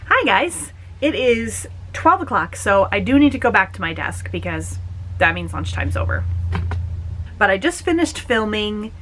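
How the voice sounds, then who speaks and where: In this poor-quality home vlog clip, a young Minnesotan woman rambles and gushes with plenty of filler words. Her mid-range voice is sing-song and a bit bright, moving at a measured pace, with a little hiss or hum in the background.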